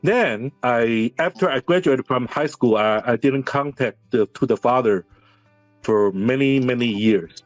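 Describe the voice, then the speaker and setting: A man in his fifties whose first language is Mandarin, a series director telling personal stories in halting English with many restarts. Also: mid-range voice, no echo, faint music behind. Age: 50s. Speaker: series director, interview guest. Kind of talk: candid interview storytelling.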